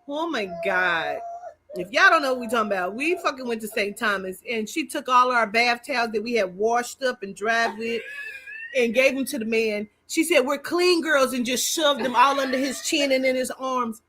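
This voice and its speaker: A woman co-hosting a podcast, chatting casually with loud laughter and plenty of swearing. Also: a little high, normal speed, a little hiss or hum. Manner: loud, profane, bursts into laughter. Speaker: podcast co-host. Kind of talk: casual chat.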